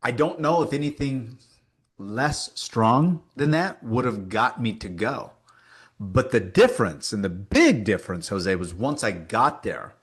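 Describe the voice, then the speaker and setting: A man's voice: mid-range voice, husky. A man being interviewed, telling a story with energy and acting out the dialogue he quotes. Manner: animated storyteller who acts out quoted dialogue; frequent fillers and restarts, emphatic. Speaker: interview guest. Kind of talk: casual conversational interview.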